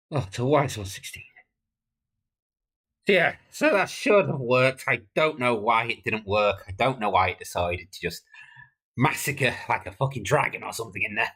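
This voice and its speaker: A woman's voice: rumbling low, expressive, moderate pace, long pauses, fairly bright tone, slightly rough. A woman streaming her game development, talking casually, swearing and laughing helplessly as she works things out aloud. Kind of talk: casual livestream commentary.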